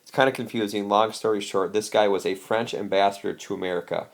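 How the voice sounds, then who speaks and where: A man's voice: fairly low pitch, gravelly. A man teaching a history lesson in a casual, chatty way, explaining slides with frequent asides. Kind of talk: recorded lecture over slides.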